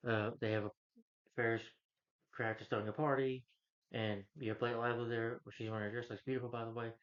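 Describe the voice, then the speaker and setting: A man's voice: mid-range voice, level tone, fast. A man casually retelling a film's plot as a reviewer, rambling, with frequent restarts. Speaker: film reviewer. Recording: dull lo-fi recording.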